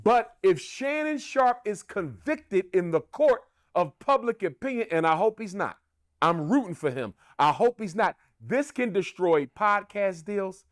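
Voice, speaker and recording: A man's voice: high-pitched, big pitch swings, unhurried, no room sound, studio quality. A man giving opinionated commentary, emphatic and rhetorical, repeating his points for effect.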